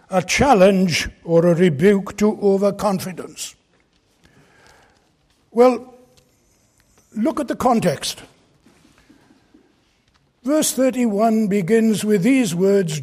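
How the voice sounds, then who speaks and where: A man's voice: high voice, a little mellow. A man preaching an expository sermon from a pulpit, earnest and emphatic as he explains a Bible passage. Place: church pulpit.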